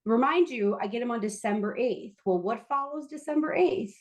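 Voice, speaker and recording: A woman guest on a podcast interview, telling a candid, self-deprecating story about work with quick asides. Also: a little high.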